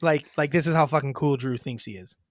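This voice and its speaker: A man's voice: mid-range voice, a little fast, dry recording, clean studio sound. A man co-hosting a sibling sports podcast, casual and joking, swearing freely as he coaches his sister. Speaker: podcast co-host. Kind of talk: casual chat.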